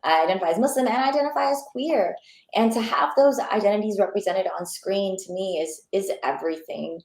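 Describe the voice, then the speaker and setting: A young woman talks casually as an interview guest, lively and full of enthusiasm, filling her sentences with little fillers. Her voice sits at a middle pitch. The room around her sounds noticeably echoey. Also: fairly quick, gravelly. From Pakistani and Bangladeshi heritage. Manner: animated, enthusiastic, many fillers. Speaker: actor guest.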